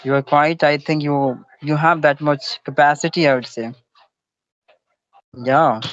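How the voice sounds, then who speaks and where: A man in casual conversation, encouraging his partner in halting learner English. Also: fairly high pitch, steady tone, no echo. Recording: dry, dull lo-fi audio.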